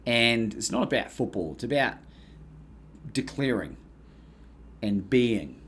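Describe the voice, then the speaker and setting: A man with an Australian accent, a podcast guest telling a story in casual, animated talk and acting out the people he quotes. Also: mid-range voice, slow, slight background noise. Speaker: guest, courage coach.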